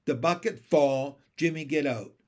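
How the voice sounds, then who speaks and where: A man voicing a stubborn male frog prince who talks in slow, clipped, broken phrases. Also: on the high side, close to an everyday voice. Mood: commanding. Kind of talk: storybook read-aloud.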